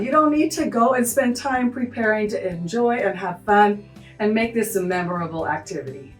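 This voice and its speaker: A woman's voice: a little high, moderate pace, reverberant, recorded from a distance. A woman music teacher walking through a lesson, acting out animal sounds as she explains. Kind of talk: teaching tutorial.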